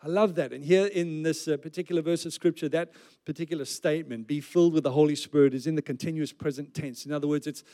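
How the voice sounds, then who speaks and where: A man preaches a sermon in a relaxed, conversational way, slipping in light jokes between his points. His voice sits a little higher than most men's. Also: fast. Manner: conversational preaching with joking asides. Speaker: pastor.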